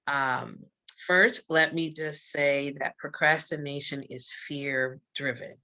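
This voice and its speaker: A woman's voice: extremely low pitch, steady tone, slow pace, bright, forceful tone. A woman with a Barbadian accent talking on a live interview as a guest, speaking emphatically and repeating her key lines like a preacher. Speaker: guest, magazine publisher and coach.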